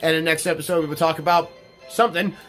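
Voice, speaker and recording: A man's voice: fairly high pitch, fairly even intonation, rapid-fire, a bit bright, faint music behind. A man commentating on gameplay in a casual, rambling way, swearing freely and filling his talk with ums and restarts. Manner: rambling and profane, with many fillers and restarts. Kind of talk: casual let's-play storytelling.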